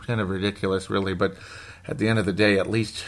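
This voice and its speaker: A man chats through a casual fan podcast. His voice sits a little low. He rambles from one thought to the next and reads listener comments aloud as he goes. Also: little pitch movement, fast. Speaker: podcast host.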